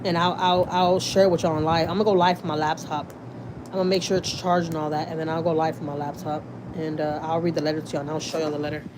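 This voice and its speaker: A woman's voice: deep voice, little pitch movement, fast, background noise. A woman from Houston, Texas with a Houston accent, chatting casually with viewers on a livestream from a car, reading comments and swearing freely. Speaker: vlogger, channel host. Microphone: phone.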